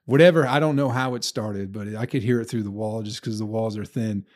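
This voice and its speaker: A man's voice: lowish voice, a little fast, darkish tone. A man, a stand-up comedian, talking in a loose, profane monologue and laughing at his own stories. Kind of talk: casual solo podcast monologue.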